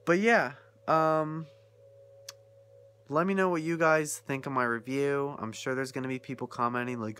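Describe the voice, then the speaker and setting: A man's voice: mid-range voice, fairly even intonation, normal speed, fairly bright tone, clear, resonant tone. A young man ranting casually about a film he watched, incredulous and often laughing. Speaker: vlogger reviewing a film. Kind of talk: casual rant.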